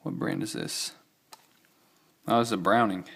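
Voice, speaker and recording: A young man with a lowish, fairly bright voice and fairly even intonation shows his old-style knives and keys at a measured pace. The vlog is casual, with rambling, self-corrections and keen asides from this collector.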